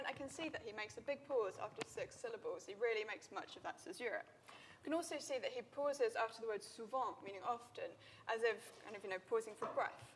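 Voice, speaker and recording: A woman talking through an academic conference presentation, walking the room through a live demo. Her delivery is loose and conversational, full of fillers and light self-mockery. Her voice sits at a middle pitch, with a faint hiss under the recording. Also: fairly bright tone. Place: lecture room.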